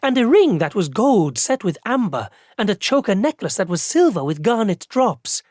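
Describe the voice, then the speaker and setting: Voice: medium pitch, big pitch swings, normal speed, a little mellow, no echo, studio quality, pitched above the performer's own voice. A narrator voicing an eager, loyal young woman clerk.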